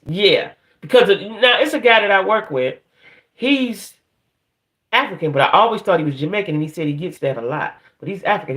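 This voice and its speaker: A man with a fairly high voice talks loosely on a livestream, rambling from one thought to the next. He keeps tossing quick asides to his listeners as he goes. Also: fairly bright tone. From northern United States. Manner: rambling, chatty, keeps checking in with "right?" and "y'all". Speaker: livestream host. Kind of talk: casual livestream chat.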